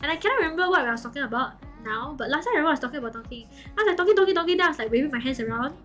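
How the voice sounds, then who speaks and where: High-voiced giggly streamer woman. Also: racing, soft background music. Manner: animated, giggly, keeps saying okay and like. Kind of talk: casual storytelling to chat.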